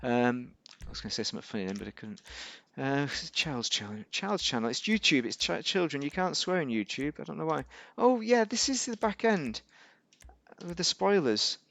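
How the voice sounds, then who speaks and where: A man's voice: mid-range voice, expressive, a little fast, gravelly, hardly any pauses, sharp tone, no echo. A man giving casual, rambling gameplay commentary as a YouTuber, correcting himself and making wry asides. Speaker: gaming YouTuber.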